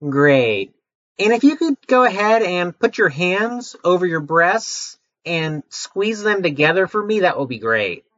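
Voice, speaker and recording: A brisk corporate interviewer who talks down to the applicant with deadpan condescension, voiced by a man in a comedy sketch. The pitch swings widely from line to line. The sound is dry and a little muffled. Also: no room sound, full character voice. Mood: condescending. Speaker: job interviewer.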